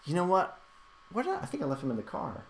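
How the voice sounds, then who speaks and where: A man's voice: sits high, huge pitch swings, quick pace, creaky. A man hosting a casual livestream, reading out chat questions and answering them in a rambling way, with lots of fillers and restarts.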